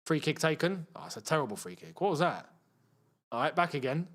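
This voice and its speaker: An excitable young man, calling a live match for his chat. His voice sits high and swings widely, leaping up when he yells at the players, then dropping back to easy banter. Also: a little fast. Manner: excitable, shouts at missed chances, banters with chat. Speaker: football watchalong host. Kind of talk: live match watchalong commentary.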